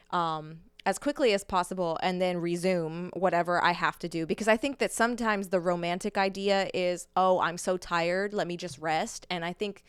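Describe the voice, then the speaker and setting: A woman's voice: fairly low pitch, smooth, no room sound. A young woman co-hosting a faith podcast, talking casually and earnestly about how she handles being tired. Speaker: podcast co-host.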